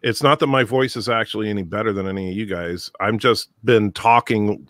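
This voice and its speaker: A man's voice: on the low side, a little fast, fairly bright tone, dry recording, studio quality. A man hosting a casual group chat, talkative and jokey, often restarting his sentences. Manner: chatty, self-interrupting, jokey. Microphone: studio microphone.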